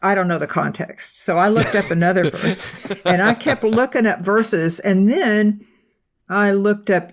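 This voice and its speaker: A woman co-hosting a faith podcast, telling a personal story in an animated way and acting out what people said. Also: medium pitch, measured pace. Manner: animated storytelling, acts out quotes. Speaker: podcast co-host. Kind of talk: casual devotional discussion.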